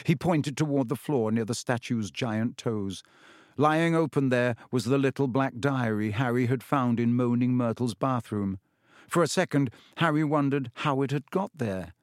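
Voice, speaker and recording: A man reading a novel aloud as audiobook narrator, in a measured storytelling manner. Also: medium pitch, no echo, clean studio sound.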